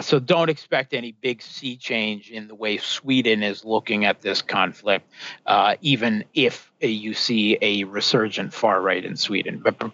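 A man, a guest analyst on a talk show, giving political commentary in a measured way, with many fillers and restarts. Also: fairly low pitch, fairly bright tone, highs cut off.

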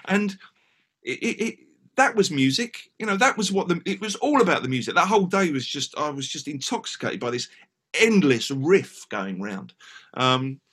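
An English man telling a story as a guest in a casual podcast interview, animated and full of restarts. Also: fairly high pitch, normal speed, husky. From England. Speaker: guest musician.

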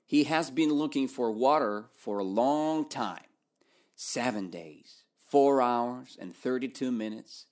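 A man's voice: medium pitch, slow pace, a little mellow. A man teaching through a story, asking his listeners questions and answering them himself in a playful way.

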